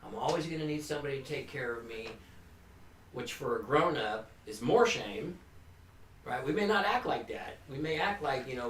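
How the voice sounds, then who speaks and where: A man's voice: medium pitch, lively intonation, fairly quick, fairly bright tone. A man, a recovery counselor, giving an informal, earnest talk to a family group, with restarts and frequent "you know". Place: meeting room. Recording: echoey room, distant mic, faint hum.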